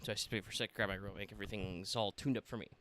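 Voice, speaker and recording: A man's voice: fairly low pitch, steady tone, racing, a bit bright. Chatty male game streamer. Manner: chatty, addresses chat, swears casually. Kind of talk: casual livestream gaming chat.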